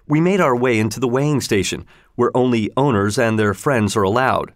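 A man narrating a storybook in a plain, steady reading voice. His voice sits at a middle pitch, and the recording is dry and close, with no room sound. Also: a little fast, few pauses, dry recording. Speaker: audiobook narrator.

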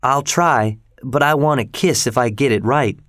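A man voicing a rough, sullen young farmhand in an audiobook reading. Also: mid-range voice, moderate pace, a bit bright, dry recording, clean studio sound, close to an everyday voice. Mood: gruff. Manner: gruff, blunt delivery.

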